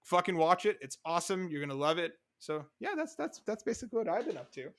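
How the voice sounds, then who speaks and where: A young adult man co-hosting a casual podcast, talking fast and animated, often cutting in over his co-host. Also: high-pitched.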